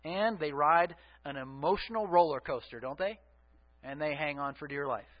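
High-voiced pastor with a dull, lo-fi sound. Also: male voice, normal speed. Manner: conversational, asks the congregation for answers. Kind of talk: sermon.

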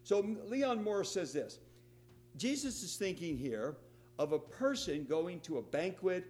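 A man's voice: a little slow, slight background noise. A man preaching a sermon as pastor, acting out the quoted lines with a raised voice. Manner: animated, acts out quoted lines with raised pitch.

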